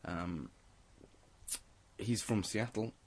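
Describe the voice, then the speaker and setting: A man's voice: on the low side, very slow, slightly rough. A young man presenting a radio show, chatting casually and enthusiastically about electronic tracks and laughing easily.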